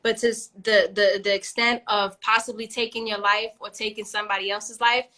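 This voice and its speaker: A woman co-hosting a casual chat, animated and frank, swearing freely and laughing often. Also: mid-range voice, brisk. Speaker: podcast co-host.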